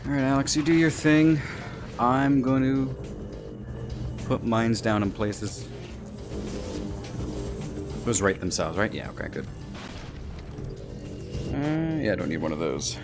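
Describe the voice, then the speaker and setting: Rambling, joking male streamer, mid-pitched, game music underneath. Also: expressive, slow pace, pauses often. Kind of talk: casual gameplay commentary.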